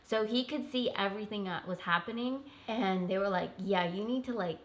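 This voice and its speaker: A woman's voice: medium pitch, brisk. A young woman vlogger telling a personal story in an emotional, earnest way, full of "like"s and close to tears. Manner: tearful, earnest, filler-heavy with many "like"s.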